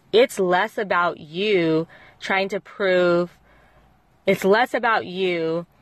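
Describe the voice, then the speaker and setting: A woman's voice: lowish voice, no echo. A middle-aged woman hosting a parenting show, giving earnest, reflective advice in casual talk with fillers and restarts. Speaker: parenting podcast host.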